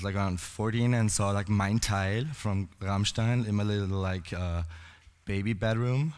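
A hoarse, cold-roughened man gives a loose, rambling conference talk, full of fillers and false starts. His voice sits fairly low. The sound rings with the long reverb of a cinema hall. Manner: rambling, many fillers and restarts. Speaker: conference speaker.

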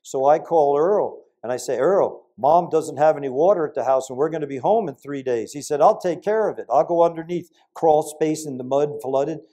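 An older man preaches a sermon, animatedly telling stories that swing from sudden loud peaks to quiet asides. His pitch is fairly high, his pace moderate, and he barely pauses.

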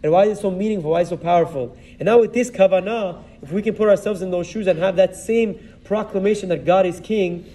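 A man's voice: sits high, fast, few pauses, mellow, recorded from a distance. A man, a rabbi, retelling a Bible story in a sermon and weaving Hebrew terms and verses into his telling. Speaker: rabbi giving a Torah talk.

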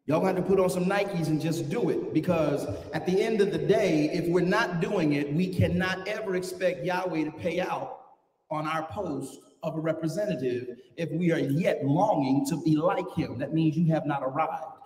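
A man preaching a sermon, swinging from quiet asides to shouted, animated climaxes. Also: a little high, moderate pace. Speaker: pastor. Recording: echoey church hall, mic from far off.

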